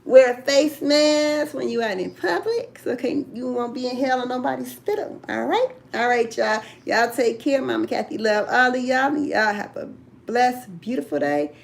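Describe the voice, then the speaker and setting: A woman's voice: fairly high pitch, animated, moderate pace, vocal fry. An older woman hosting a casual live chat from home, chatty and drawn out, laughing often. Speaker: livestream host.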